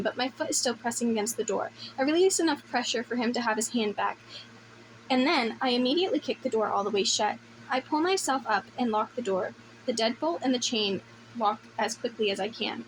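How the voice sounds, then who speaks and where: A woman's voice: on the high side, lively intonation, brisk, slight background noise, low-quality recording. Wry woman narrating an audiobook. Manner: wry, conversational. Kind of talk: first-person novel narration.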